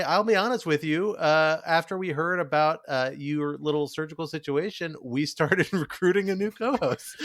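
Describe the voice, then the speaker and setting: A man's voice: fairly high pitch, sharp tone. A man co-hosting a podcast, chatting casually and joking, laughing as he talks. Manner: jokey, laughs while talking. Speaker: podcast co-host. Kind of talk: casual chat.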